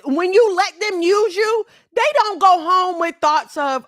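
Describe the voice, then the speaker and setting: Middle-aged woman ranting at the ladies on her channel, high voice, real dry sound, blunt and animated. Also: measured pace, hardly any pauses, no room sound. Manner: blunt, scolding, animated, breaks into laughter. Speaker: channel host. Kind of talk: preachy commentary to women.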